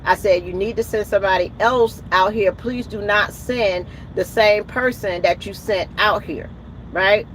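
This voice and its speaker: An indignant woman trucker speaks, venting in a casual vlog with emphatic bursts. Her voice sits at a middle pitch. Faint traffic noise comes through from outside. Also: unhurried. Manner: emphatic and indignant, retelling conversations with rising outbursts. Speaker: truck driver. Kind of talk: ranting vlog storytelling. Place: in or by a truck at a roadside.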